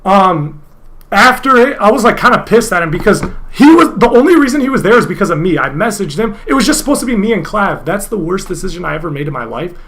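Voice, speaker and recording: A young man talking on a casual livestream, his voice pitched high and bright. He rambles freely, swears constantly and now and then breaks into loud, exasperated outbursts. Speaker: streamer.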